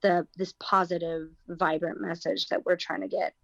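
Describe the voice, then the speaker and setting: American actress guest, low-pitched, reflective, dull remote line. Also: female voice, little pitch movement, normal speed, creaky, fairly bright tone, dry recording. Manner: thoughtful, searching for words. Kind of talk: casual interview talk.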